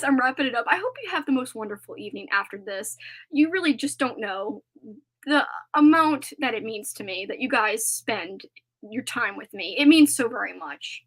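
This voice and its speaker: A woman's voice: high voice, bright, forceful tone. Chatty woman hosting a live stream. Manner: rambling, chatty, many "like" fillers. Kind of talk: casual live-stream chat.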